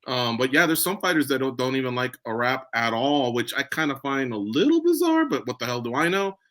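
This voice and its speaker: A man's voice: medium pitch, big pitch swings, fairly quick, a bit bright. A man hosting a casual video-call interview, friendly and chatty, with a joking tone. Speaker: interview host.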